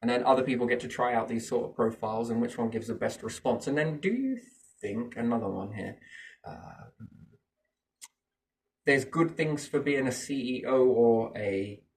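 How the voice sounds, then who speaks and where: A man's voice: medium pitch, expressive, moderate pace. A man musing in a casual chat, rambling from thought to thought and often asking rhetorical questions. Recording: voice a bit far from the mic.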